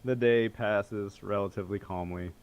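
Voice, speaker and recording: A man's voice: lowish voice, steady tone, normal speed, darkish tone, clear, resonant tone, no room sound. A man narrating as game master in a casual tabletop game, laughing often as he goes.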